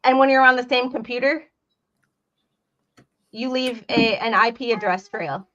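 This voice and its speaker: A woman's voice: on the high side, a little slow, a bit bright, highs cut off. A woman hosting a casual livestream chat from home, talking loosely and laughing between remarks. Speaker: host.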